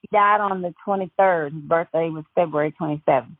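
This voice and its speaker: A woman recalling scattering her grandfather's ashes in a halting, conversational way. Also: sits low, dry recording. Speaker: granddaughter recounting a story. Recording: tinny phone-like recording.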